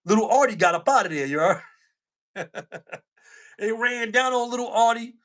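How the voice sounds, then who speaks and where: A man's voice: very high voice, lively intonation, moderate pace, a bit bright. A man co-hosting a casual livestream chat, slangy, repeating himself and laughing often. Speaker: co-host.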